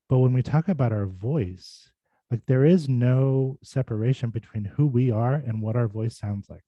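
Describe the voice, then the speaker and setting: A man's voice: medium pitch, mellow, no echo, highs cut off. A man who works as a speech and voice clinician, giving a casual, thoughtful talk full of fillers and restarts over a video call. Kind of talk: casual informal presentation.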